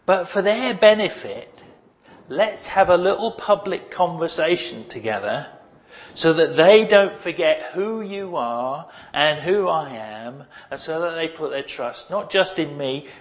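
A man's voice: on the high side, expressive, measured pace, pitched above the performer's own voice. A man voicing an imagined Jesus as a man speaking in an intimate, conspiratorial, conversational way. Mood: confiding. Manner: confiding, conversational.

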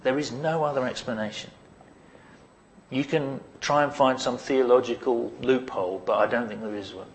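A man preaching a sermon to his congregation. He is animated, asks rhetorical questions, and drops in humorous asides. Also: medium pitch, moderate pace, a little hiss or hum.

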